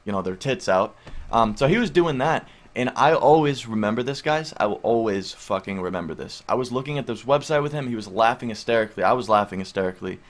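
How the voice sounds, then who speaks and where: A man's voice: medium pitch, lively intonation, quick pace. A young adult man casually telling a personal story to camera, rambling and full of filler words, with casual swearing. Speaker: vlogger.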